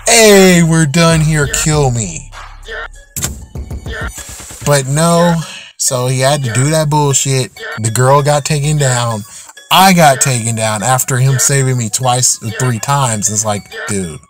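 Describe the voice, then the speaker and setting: Speaking at a measured pace in a mid-range voice, this gaming channel host vents his fury about an online game, full of exasperated ranting and frequent swearing. Music runs in the background.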